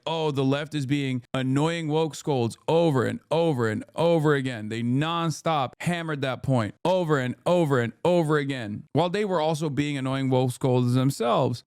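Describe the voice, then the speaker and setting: A man with a fairly high voice rants on a stream about politics, cursing freely and lecturing his chat. His delivery is emphatic and casual. The sound is dry, with no room echo. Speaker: streamer reacting to a clip.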